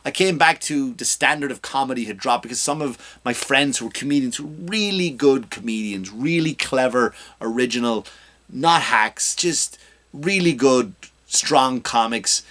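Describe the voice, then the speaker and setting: A man's voice: mid-range voice, a little slow, fairly bright tone. A male comedian hosting his own podcast, delivering a ranting, self-mocking comedic monologue.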